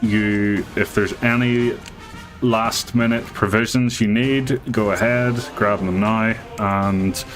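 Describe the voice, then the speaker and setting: Slow, low-voiced man running a tabletop game. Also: steady tone, soft background music. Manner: halting, with many fillers and restarts. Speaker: game master. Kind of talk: narrating a live tabletop game.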